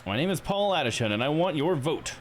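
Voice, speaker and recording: Casting: man playing a condescending politician in a game, grand and showy, swinging pitch. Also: very animated, fairly quick, slight background noise. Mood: pompous. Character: pompous adult male politician, self-important. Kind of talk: reading game dialogue on a livestream.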